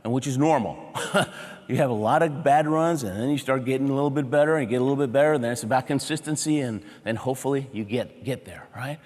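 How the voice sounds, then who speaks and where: A motivational keynote speaker telling humorous stories in short, punchy phrases, checking in with a large audience. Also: male voice, mid-range voice, fast talker, a little mellow. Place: large auditorium before a big audience. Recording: reverberant hall sound.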